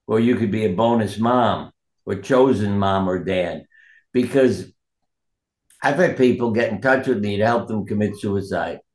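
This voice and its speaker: A man's voice: lowish voice, measured pace, a little mellow, roomy sound. A man, a doctor and author, telling earnest stories from his practice in an interview and quoting the people in them. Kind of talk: reflective interview storytelling.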